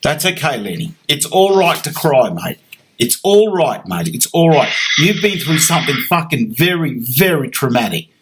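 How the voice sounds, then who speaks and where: A man's voice: on the high side, big pitch swings, moderate pace, a little hiss or hum. A man hosting an interview, blunt and sweary while reassuring his guest. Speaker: host.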